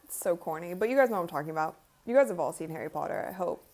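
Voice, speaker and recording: A woman's voice: on the low side, animated, rapid-fire, darkish tone. A woman hosting a live-streamed basketball watch party, chatting casually and giggling as she comments and talks to her viewers.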